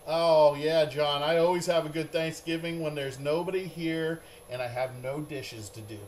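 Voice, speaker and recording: A man's voice: fairly high pitch, steady tone, moderate pace, darkish tone, slight background noise. A middle-aged man hosting a live card break, chatting in a rambling, upbeat way.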